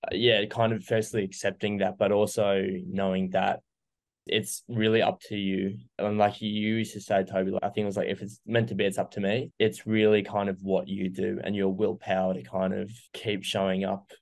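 A young man talks earnestly about what he learned, pausing on fillers as he goes. His low voice has a gravelly edge and stays fairly level in pitch, with little rise and fall. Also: monotone, darkish tone. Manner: earnest, reflective, many fillers. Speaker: guest sharing recovery story. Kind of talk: casual interview.

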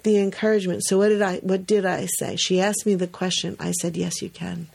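A woman co-hosting a podcast about early childhood, telling a story in a casual, animated way and laughing often. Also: lowish voice, brisk, gravelly, slightly rough.

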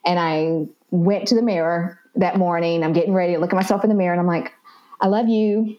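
A woman's voice: fairly low pitch, fast, dull audio. A woman with a Southern American accent, a psychotherapist guest talking casually on a podcast and acting out quotes as she tells stories. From Southern United States. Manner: animated storyteller who acts out quotes.

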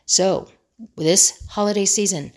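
A woman's voice: medium pitch, takes it slowly, darkish tone. A woman who trains people in crisis communication gives a motivational teaching talk, earnestly repeating her key phrases for emphasis.

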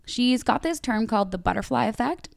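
A woman's voice: a little high, lively intonation, brisk, gravelly, dry recording, studio quality. A woman hosting a podcast interview, talking in an upbeat, gushing way. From Canada. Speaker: podcast host.

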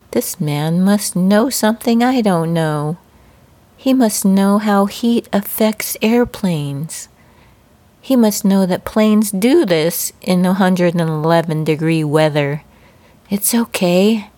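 A woman's voice: on the low side, dry recording. A woman host and life coach telling a personal story, laughing now and then and acting out the moments. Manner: warm laughing storyteller, animated retelling.

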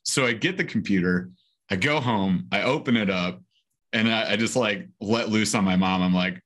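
A young adult man casually telling a story on a sales podcast, animated and acting out the voices of the people in it. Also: on the low side, brisk. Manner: animated, acts out quoted voices. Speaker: podcast co-host, sales trainer.

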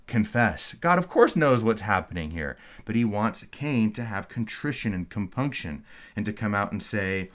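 Guy with a lowish voice teaching a bible course, earnest, lots of uh's and restarts. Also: animated, moderate pace, a bit bright. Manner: earnest, explanatory, reads scripture aloud then comments; frequent fillers and restarts. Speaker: theology lecturer. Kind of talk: recorded course lecture.

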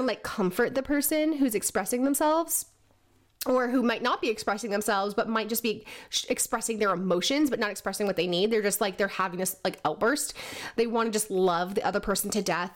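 Woman, coach type, fairly high voice, loose chatty delivery, hiccups. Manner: conversational, many fillers and "right?" tags. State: has the hiccups. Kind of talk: casual talk to camera.

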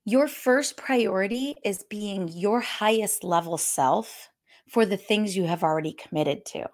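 A woman who is a group fitness instructor, giving a candid, conversational motivational talk and speaking straight to her listeners. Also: medium pitch. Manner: warm, candid, addresses listeners directly as y'all; laughs between points, conversational.

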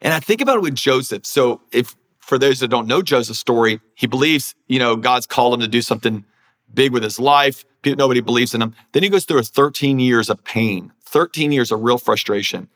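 A man's voice: mid-range voice, a little fast, a bit bright. A pastor and author, a man, talking earnestly in an interview and now and then acting out inner voices as he makes his point. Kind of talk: conversational preaching.

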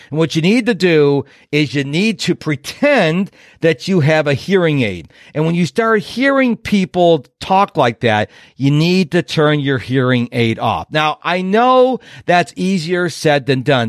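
A man's voice: a little high, no room sound, clean studio sound. A man in his fifties hosting a motivational podcast, talking in an emphatic, punchy way and acting out other people's voices. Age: 50s. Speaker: productivity coach and podcast host.

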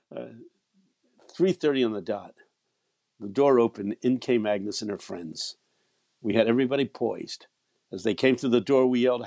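This preacher in his 80s has a mid-range, slightly mellow voice with no room sound. He recounts a personal story with stammering repetitions, chuckling as he goes.

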